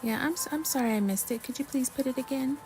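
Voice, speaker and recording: High-pitched, quick and somewhat dark in tone, a woman hosts an informal livestream, crafting while she talks with viewers, reads trivia aloud and apologizes often. Now and then her mouth is full of chocolate. The audio is poor, with slight background noise.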